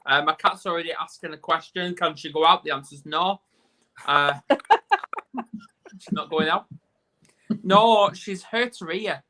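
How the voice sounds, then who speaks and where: A man's voice: fairly high pitch, a little slow, pauses often, noisy background. A man with a Northern English accent hosting a casual live video chat, joking and rambling in a self-deprecating way. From England. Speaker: host. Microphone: video call.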